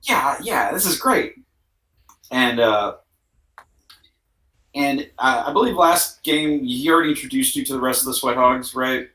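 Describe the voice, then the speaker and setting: A man narrating a tabletop game as game master, speaking at a middle pitch. He talks in a relaxed way, with frequent fillers and laughs. His voice rings in an echoey room. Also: normal speed, long pauses.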